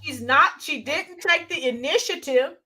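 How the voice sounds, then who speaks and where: A woman co-hosting a casual political commentary livestream, animated, reading out viewer comments and greeting them by name. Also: high-pitched, unhurried, background noise.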